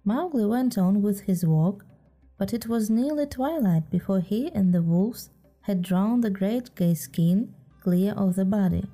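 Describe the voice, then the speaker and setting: A woman narrating a storybook tale in a gentle, measured reading. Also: mid-range voice, soft background music.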